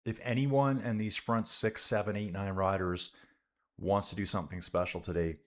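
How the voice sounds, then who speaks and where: A man's voice: on the low side, steady tone, normal speed. A man giving casual live commentary on a bike race for a stream, reading viewer comments and calling out to his viewers as guys and dude. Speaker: livestream cycling commentator.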